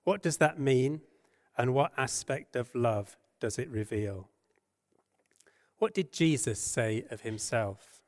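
Gentle, earnest male preacher. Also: mid-range voice. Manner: softens and slows when quoting scripture. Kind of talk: sermon.

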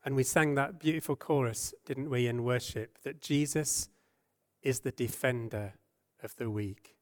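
A man preaching a sermon, earnest and gentle, asking rhetorical questions and dropping his voice and slowing down when he quotes scripture. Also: medium pitch. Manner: softens and slows when quoting scripture.

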